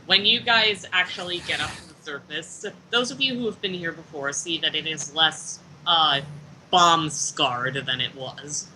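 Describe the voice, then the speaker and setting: A man's voice: fairly high pitch, measured pace, bright, forceful tone, a little hiss or hum, poor audio. A man narrating as game master of a tabletop role-play game, casual and full of fillers.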